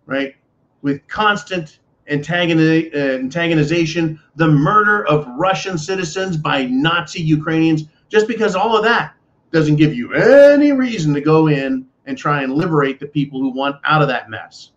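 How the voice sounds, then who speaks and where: A man from the United States hosting a political commentary show, ranting in an indignant, sarcastic way and keeping up a steady address to his listeners as folks. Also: on the high side, normal speed. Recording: dull lo-fi audio.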